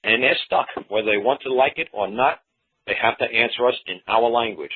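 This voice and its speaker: A man's voice: medium pitch, brisk, husky. A man hosting a radio show, rambling in a folksy way and repeating himself as he explains. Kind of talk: casual talk radio monologue. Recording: tinny phone-line audio.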